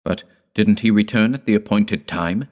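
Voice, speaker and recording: A man voicing an anxious young wife who speaks in a warning tone, pitched above his own voice. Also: normal speed, darkish tone, natural voice.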